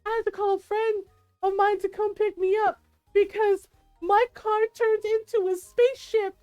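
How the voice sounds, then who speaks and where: A woman's voice: very high-pitched, little pitch movement, normal speed, a little mellow, faint music behind, voice pushed up. A woman imitating a bewildered, stoned young man who whines in plaintive disbelief. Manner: whiny, pleading, disbelieving.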